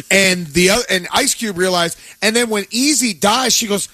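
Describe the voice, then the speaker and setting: A man's voice: sits high, moderate pace, sharp tone, no room sound. A man co-hosting a sports radio show, talking in a laid-back, dryly joking way. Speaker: radio co-host. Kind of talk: casual sports radio chat. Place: radio studio.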